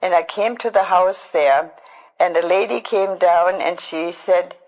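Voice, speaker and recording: An older woman recounts her memories in a lowish voice. She speaks haltingly and with feeling, stopping and restarting mid-sentence as she tells her own story. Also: a little mellow, long reverb tail, rough recording. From Germany. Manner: halting, emotional, with frequent restarts. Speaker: Holocaust survivor giving testimony. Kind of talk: personal testimony storytelling.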